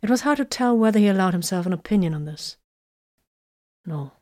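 A woman narrating a story in a steady, measured way. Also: medium pitch, no echo, clean studio sound. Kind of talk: audiobook narration.

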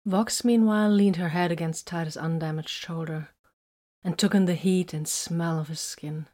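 Soft-spoken woman reading a story. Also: fairly low pitch, fairly even intonation. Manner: soft, intimate, unhurried. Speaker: narrator.

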